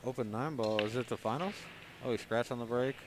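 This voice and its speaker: A man giving casual live commentary on a pool match, talking through shots in a relaxed, conversational way. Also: medium pitch, a little fast, background noise.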